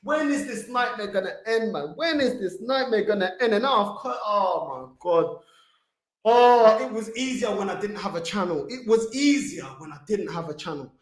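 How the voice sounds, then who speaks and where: A man's voice: high-pitched, expressive, moderate pace. A man hosting a football fan channel, delivering a heated livestream rant full of street slang. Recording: echoey room.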